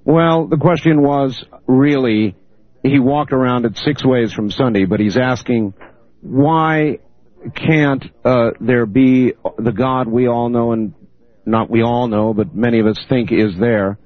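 A man hosting a call-in radio show, steady and measured as he takes callers and reads out a phone number. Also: mid-range voice, no room sound. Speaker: radio host. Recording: dull lo-fi radio broadcast.

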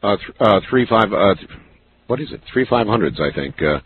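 A man hosting a call-in radio talk show, speaking in a slow, musing, conversational way. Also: on the low side, lively intonation, breathy edge, dry recording. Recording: lo-fi radio broadcast with faint hiss.

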